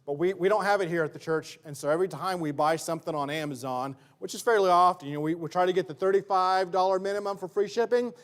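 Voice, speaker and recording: A man's voice: high voice, fairly even intonation, fast talker, few pauses, clean tone. A male pastor preaching a sermon in church, conversational and full of everyday examples.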